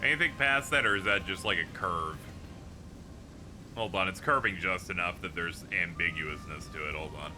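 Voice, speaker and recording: A man's voice: low voice, moderate pace, music in the background. A man streaming a video game live, chatting casually as he reads viewers' posts aloud, laughing often and swearing freely.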